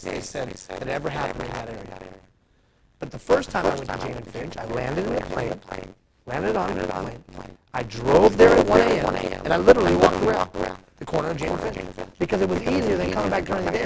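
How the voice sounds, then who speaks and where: A man giving a live motivational talk, telling stories in an animated way and putting questions to the audience. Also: high voice, creaky, very noisy. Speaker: motivational speaker. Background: crowd.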